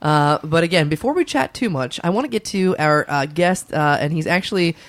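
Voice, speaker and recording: A man's voice: on the high side, expressive, a little fast, a bit bright, no room sound. A man improvising as Doctor John, a goofy, self-important male midwife who hosts a comedy podcast and keeps rambling off topic. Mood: giggly. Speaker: host.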